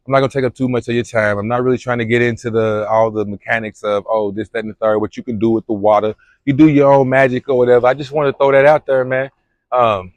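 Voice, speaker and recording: A man's voice: mid-range voice, no room sound. Slangy, rambling young man from Kentucky. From Louisville, Kentucky. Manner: slangy, loose and rambling, lots of fillers. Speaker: vlogger. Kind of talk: casual vlog chat. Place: outdoors at a spring.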